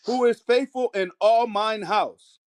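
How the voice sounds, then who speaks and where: Man, high-pitched, measured scripture reader. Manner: measured, slows on key phrases. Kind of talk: reading scripture aloud.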